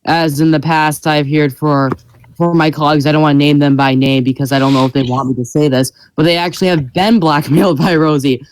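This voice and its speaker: Man, fairly high voice, dry close sound, role-played senator, argumentative, stumbles over words. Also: fairly even intonation, brisk, smooth, no echo, poor audio. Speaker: senator in a mock senate session. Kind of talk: role-played parliamentary debate.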